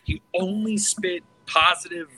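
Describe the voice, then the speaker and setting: A man in casual podcast chat, excitable and swearing freely, tripping over his words and restarting often. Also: sits high, a little slow, low-quality recording. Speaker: podcast co-host.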